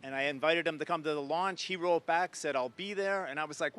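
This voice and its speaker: A man in his sixties from Ohio, his voice a bit high for a man, tells a story with eager enthusiasm. He speaks as an astronaut guest in an interview. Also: a little fast, fairly bright tone, smooth.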